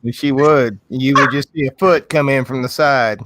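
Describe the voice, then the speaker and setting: A man's voice: medium pitch, fairly even intonation, normal speed, heavy background noise. A man teasing in easygoing casual banter on a livestream.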